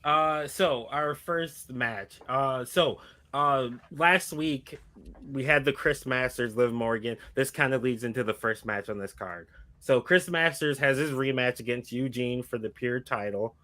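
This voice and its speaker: A man's voice: mid-range voice, unhurried, sharp tone. A man co-hosting a podcast, casually recapping a wrestling storyline with lots of fillers and restarts. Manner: rambling, filler-heavy storytelling. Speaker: podcast co-host. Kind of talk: casual chat recapping a fantasy wrestling booking.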